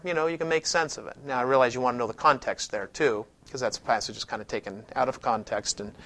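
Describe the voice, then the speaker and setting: A man teaching a scripture class in a casual, conversational way, stopping to restart sentences and leaning hard on points he wants to stress. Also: fairly high pitch. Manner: conversational, with frequent restarts and lively emphasis. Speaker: Bible teacher. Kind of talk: classroom lecture with scripture reading.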